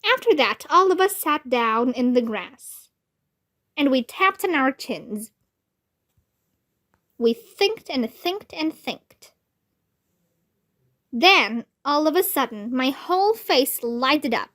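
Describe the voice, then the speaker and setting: Slow, sing-song woman reading aloud. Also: high voice. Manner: slow, expressive storytelling. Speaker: storybook reader. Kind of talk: children's book read-aloud.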